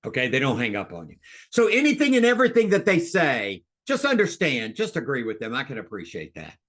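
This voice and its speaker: A man coaching real estate agents in a webinar, talking in an excited, fired-up way with big rises and drops in his voice. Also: brisk. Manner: excited, fired-up delivery with big swings in pitch and loudness.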